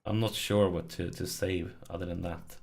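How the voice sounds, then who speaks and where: A man's voice: low-pitched, steady tone, normal speed, creaky, a little mellow, soft background music. A man commenting on his strategy game as he plays, pleading with it and groaning when it goes wrong. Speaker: let's play host.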